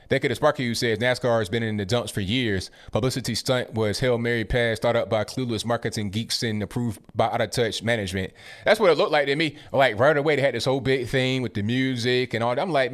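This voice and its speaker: A man in his twenties or thirties runs a live stream, reading out viewer messages one after another in a mid-pitched everyday voice. He tosses off short, casual reactions between them, speaking close to a desktop mic. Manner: casual, quick asides after each message. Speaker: political commentary host reading viewer messages.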